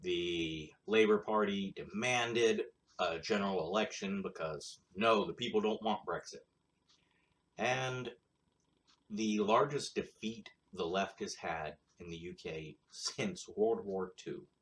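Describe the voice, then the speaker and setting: A man with a low voice hosts his own show, taking his time as he rambles through solo commentary. His delivery is casual yet blunt, crude, and sarcastic.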